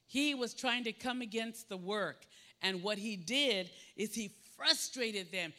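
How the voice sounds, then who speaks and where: A man's voice: very high voice, sharp tone. A man preaching a sermon, emphatic and repetitive, swinging his voice up and down as he acts out what people say.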